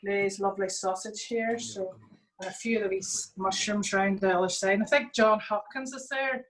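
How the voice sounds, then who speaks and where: A woman's voice: medium pitch, steady tone, moderate pace, reverberant, rough recording. Chatty Northern Irish woman cooking live. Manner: chatty, lots of fillers and local words. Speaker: chef hosting a cooking demo. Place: home kitchen.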